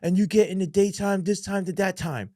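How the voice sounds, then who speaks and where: A man voicing a nervous male jail guard hurrying to calm someone down. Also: high voice, no room sound, clean studio sound, pitched above the performer's own voice, lightly acted. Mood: placating. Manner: hurried soothing placation.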